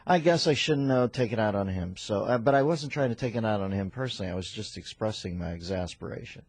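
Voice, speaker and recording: A man's voice: lowish voice, animated, fast, dry recording. A middle-aged man hosting a radio talk show, rambling and wisecracking through casual comic banter in a studio. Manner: wisecracking, rambling, full of pop culture references. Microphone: studio microphone.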